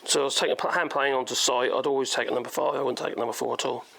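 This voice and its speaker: A man's voice: medium pitch, fairly even intonation, rapid-fire, gravelly, fairly bright tone. A man with a Norfolk accent giving a chatty, rambling woodworking demonstration in his workshop, thinking aloud as he goes. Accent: Norfolk English. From Norfolk, England.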